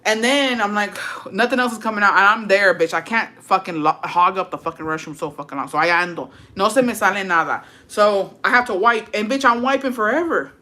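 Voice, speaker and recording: Bright-voiced, foul-mouthed woman chatting. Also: mid-range voice, brisk. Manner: crude, profane, laughing storytelling; mixes Spanish words into English. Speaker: content creator reading viewer stories. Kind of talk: casual chat.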